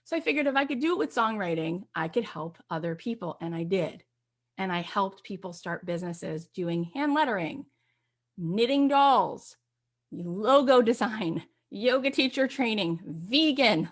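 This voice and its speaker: A woman's voice: mid-range voice, fairly bright tone. A woman hosting an online course, talking casually to camera and telling her story in a chatty, upbeat way. She acts out the lines she quotes.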